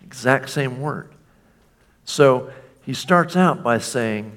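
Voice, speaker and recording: A man's voice: medium pitch, expressive, takes it slowly, pauses often, fairly bright tone. A man preaching a sermon to a congregation, chatty and informal, acting out the lines he quotes. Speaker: pastor.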